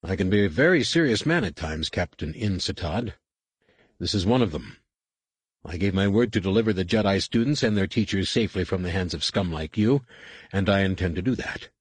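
A man's voice: low-pitched, expressive, brisk, breathy edge, no echo. A man voicing a confident, wry male starship captain in an audiobook, giving orders with dry humor. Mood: commanding.

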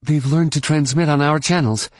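A man's voice: mid-range voice, fairly even intonation, normal speed, darkish tone, slightly rough, no echo, studio quality, lightly acted. A man reading an audiobook and voicing a woman administrator who speaks with urgent alarm. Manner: urgent, exclaiming.

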